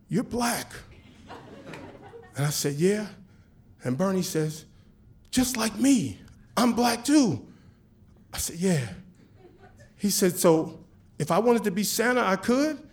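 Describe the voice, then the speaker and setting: A man telling a personal story on stage, animated and casual, acting out the dialogue. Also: sits high, slow pace, long pauses, a little hiss or hum. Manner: animated, acts out dialogue with voices; casual, chatty with swearing.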